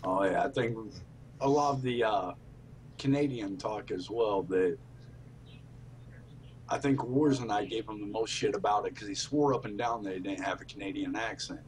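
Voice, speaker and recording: A man's voice: lowish voice, moderate pace, slight background noise. A man hosting a casual podcast, telling stories with lots of laughs and swearing. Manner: laughing storyteller, swears freely. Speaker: podcast host. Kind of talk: casual memorial chat.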